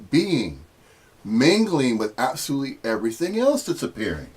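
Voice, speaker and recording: A middle-aged American man giving a rambling, teasing spiritual talk, jumping up into sudden high-pitched emphasis. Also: husky. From United States. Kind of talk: casual spiritual monologue.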